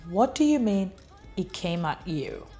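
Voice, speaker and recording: A woman's voice: fairly low pitch, very animated, unhurried, mellow, soft background music. A woman voicing a well-meaning, meddling middle-aged mother who speaks hesitantly. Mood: upset.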